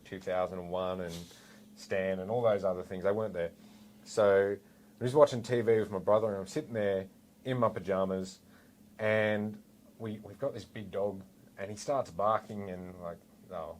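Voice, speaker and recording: A man in his forties with an Australian accent, a former police officer telling a story in a relaxed, animated way with lots of asides. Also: low-pitched, moderate pace, slight background noise. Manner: animated, rambling with fillers and asides. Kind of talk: casual storytelling anecdote.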